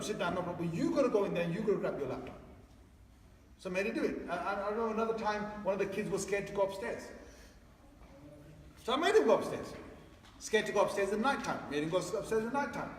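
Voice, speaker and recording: A man's voice: high-pitched, expressive, fast. A man giving an informal religious talk to parents, conversational and repetitive, acting out little family scenes as he goes. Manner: conversational, repeats phrases, acts out family scenes. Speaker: Islamic teacher. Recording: echoey hall, voice from far off, faint noise.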